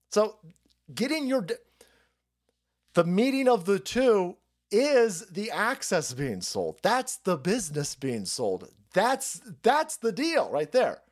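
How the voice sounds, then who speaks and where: A man's voice: wildly swooping pitch, slow. Sarcastic, foul-mouthed man ranting. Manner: sarcastic, swears a lot, pitch swings widely. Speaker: political stream host. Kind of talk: profane political rant.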